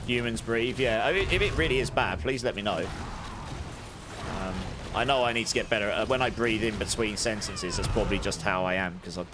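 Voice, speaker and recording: Guy streaming a game, talks loud, breathes in loud between sentences, rambly, some steady noise behind him. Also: lowish voice, a little fast. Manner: speaks loudly, audible breaths between sentences; rambling, self-correcting chatter. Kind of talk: casual chat with live viewers. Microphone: desk studio mic with high gain. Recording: clear background noise.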